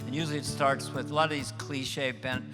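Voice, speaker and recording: A man doing stand-up at a private event, telling a story in an animated, self-mocking way, heard in a reverberant hall. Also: mid-range voice, brisk. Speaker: stand-up comedian. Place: event stage. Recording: reverberant hall with faint music.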